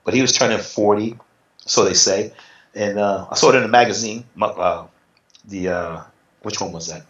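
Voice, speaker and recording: A middle-aged man telling stories in a casual interview, lively and acting out what others said. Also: on the low side, normal speed. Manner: animated, acts out quotes in other voices. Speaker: interview guest, retired bodybuilder. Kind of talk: casual storytelling. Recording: roomy, slightly dull sound.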